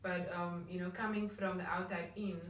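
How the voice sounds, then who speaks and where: Cape Town woman, low, echoey distant mic. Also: flat delivery, normal speed. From Cape Town, South Africa. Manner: chatty and reflective, many restarts. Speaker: vlog co-host. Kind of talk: casual discussion.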